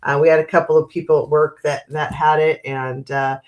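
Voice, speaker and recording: A woman's voice: low-pitched, flat delivery, fairly quick, muffled recording. A woman in her fifties with a stuffy, congested nose, chatting casually as host of a live stream and greeting viewers by name with frequent laughs. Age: 50s. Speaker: livestream host.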